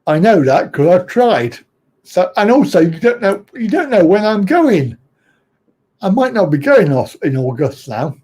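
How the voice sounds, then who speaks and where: Slow, mellow-voiced man chatting live. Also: high voice, sing-song, husky. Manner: blunt, rambling, chuckles often. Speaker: livestream host. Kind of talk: casual live chat.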